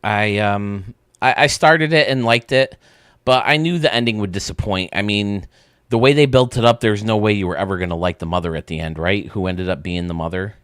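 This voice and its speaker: A man's voice: fairly low pitch, fairly quick, a bit bright, clear, resonant tone, no room sound, clean studio sound. A man hosting a live stream, chatting casually and ranting bluntly, often restarting his sentences.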